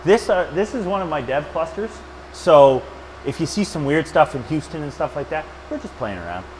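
A man's voice: on the high side, expressive, normal speed, a little mellow, slight background noise, poor audio. A man presenting a hands-on storage build in a lab, talking casually and joking between steps with rambling asides. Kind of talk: casual hands-on tech demo. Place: server lab.

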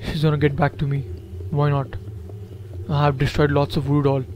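A man's voice: fairly high pitch, completely flat delivery, a little fast, a little mellow, a little hiss or hum. Jittery man nervously narrating a horror game. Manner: jittery, repeats himself, talks to viewers. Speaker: gameplay commentator.

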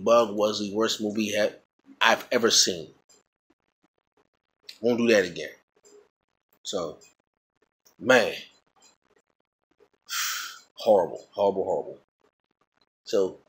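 A vlogger with a fairly low, husky voice rants casually to camera about a movie. He's emphatic and indignant, rambling and repeating himself as he keeps restarting sentences.

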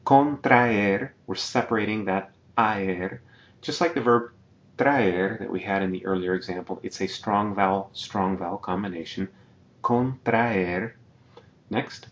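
A man teaching a slide-based video lesson, patiently explaining and repeating each example word slowly. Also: low-pitched, fairly even intonation, fairly bright tone, muffled recording, a little hiss or hum. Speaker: Spanish teacher.

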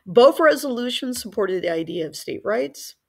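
A middle-aged woman teacher giving a relaxed, conversational history lecture with many fillers. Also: a little high, moderate pace.

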